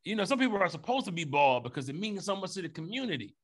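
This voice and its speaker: Brief: male podcast co-host, slightly high, bright and forceful, profane joker. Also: sing-song, racing. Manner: joking, profane, riffing on bits. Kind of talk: casual comedic debate chat.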